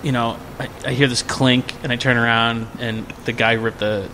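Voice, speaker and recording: A man co-hosting a podcast, telling a drinking story in a casual, animated, profane way. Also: medium pitch, moderate pace, big-room sound, slight background noise. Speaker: podcast co-host.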